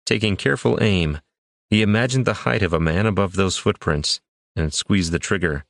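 A man with a very low voice reads a fantasy adventure aloud. His delivery is measured and dramatic, and the sound is close and dry with no room around it. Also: creaky, dry recording. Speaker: audiobook narrator. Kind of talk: scripted fantasy narration.

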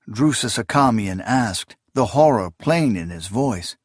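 A man reading a fantasy novel aloud in a measured, deliberate way. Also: medium pitch, animated, no echo, studio quality. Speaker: audiobook narrator. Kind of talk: scripted fantasy narration.

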